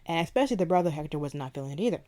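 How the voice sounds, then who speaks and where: A woman hosting a book podcast, retelling a favorite scene in an animated, chatty way. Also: deep voice, rapid-fire. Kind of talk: casual book review chat.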